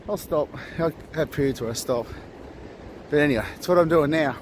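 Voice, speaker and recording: A man's voice: fairly high pitch, fairly quick, a little hiss or hum. A man with an Australian accent, chatting casually on a beach vlog in a laid-back, rambling way and swearing freely. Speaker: vlogger. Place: outdoors at a beach.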